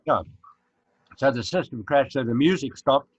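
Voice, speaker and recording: A man's voice: mid-range voice, slightly rough, no echo. A man, a former dancer, answering interview questions casually and searching for his words over a video call. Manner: halting, searching for words, chuckling. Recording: dry, dull lo-fi call audio.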